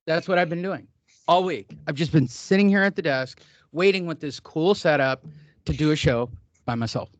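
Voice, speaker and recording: Brash male podcast host, crude joking banter, slightly high voice, dry close mic. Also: normal speed, no echo, highs cut off. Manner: loose, profane, joking rants. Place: studio desk.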